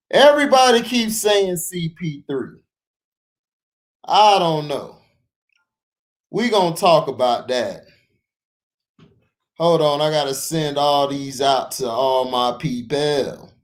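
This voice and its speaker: A man hosting a casual sports livestream, breaking into loud shout-outs to his chat viewers. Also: high voice. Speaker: sports talk livestream host.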